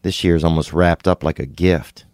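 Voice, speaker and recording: A man from Louisiana with a very low voice rambles through a digressive comedic monologue, now and then leaping into high, excited bursts. The sound is dry and close, with no room echo. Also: moderate pace.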